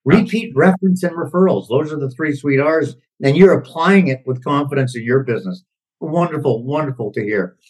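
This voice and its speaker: Husky high-pitched male podcast host. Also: brisk, a little mellow, poor audio. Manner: enthusiastic and encouraging, motivational. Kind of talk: casual podcast interview.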